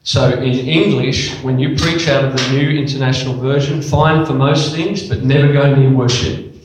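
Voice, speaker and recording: A man preaching a sermon, emphatic and animated, throwing rhetorical questions at his congregation and dropping to quiet asides. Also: moderate pace. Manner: animated and emphatic, swinging from loud exclamations to low, quiet asides. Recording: very echoey church hall.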